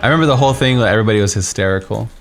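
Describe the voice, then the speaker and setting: A man's voice: fairly low pitch, rapid-fire, music in the background. A young man streaming a game, telling a story in a casual, rambling way with many fillers and restarts. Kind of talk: casual storytelling while playing.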